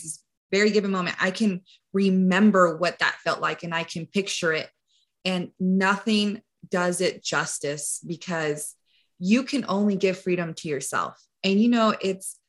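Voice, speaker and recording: Woman, podcast host, casual chat, earnest, emotional, emphatic. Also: medium pitch.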